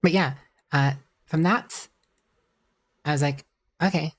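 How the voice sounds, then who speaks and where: A woman's voice: low voice, takes it slowly. A woman streamer chatting casually and rambling, with a giggly manner. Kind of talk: casual live-stream chat.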